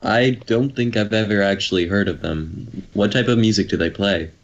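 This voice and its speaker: Low-voiced man on a lo-fi mic. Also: normal speed, a little hiss or hum. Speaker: player. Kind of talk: in-character game talk.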